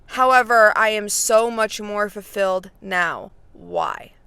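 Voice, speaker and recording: A woman's voice: mid-range voice, slow pace, creaky, bright, forceful tone, clean tone, dry recording. A woman in her twenties, talking casually and directly to her viewers as a faith vlogger, full of fillers. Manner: chatty, frequent fillers, talks straight to viewers. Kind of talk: casual chat.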